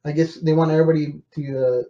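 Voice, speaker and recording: A man's voice: on the high side, fairly even intonation, fast, mellow. A man co-hosting a casual podcast, laid-back and chiming in on wrestling talk. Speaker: podcast co-host. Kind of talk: casual chat about wrestling. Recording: dull lo-fi sound.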